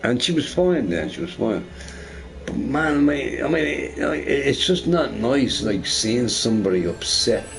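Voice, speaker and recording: Very animated and medium-pitched with some vocal fry, a middle-aged gamer who bosses a shop rants at a moderate pace. The talk is rambling and profane, and "right?" gets tacked onto his lines.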